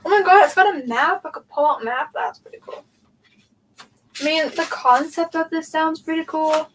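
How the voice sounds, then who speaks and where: High-voiced young woman rambling aloud. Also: normal speed. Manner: rambling, thinking aloud, frequent "like" and "um". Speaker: booktube host. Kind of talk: casual livestream chat while reorganizing shelves. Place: room at home with bookshelves. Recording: distant mic with faint background noise.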